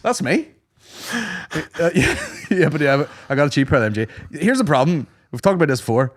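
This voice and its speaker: Lively Northern Irish man riffing. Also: a little high, normal speed. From Northern Ireland. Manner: animated, self-mocking, does silly voices and sweary riffs. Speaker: comedian and podcast co-host. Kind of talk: casual banter.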